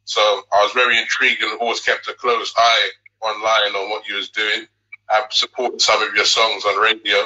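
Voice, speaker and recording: A man hosting a music show, asking long questions in a halting way with many fillers. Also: on the low side, level tone, sharp tone, dull audio. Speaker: show host. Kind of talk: interview questions.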